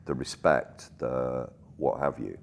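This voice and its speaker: A man with a very low, rumbling voice, chatting as a guest. He tells his stories with animation and drops swear words casually into the banter. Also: slow pace, creaky, slight background noise. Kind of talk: casual storytelling in conversation.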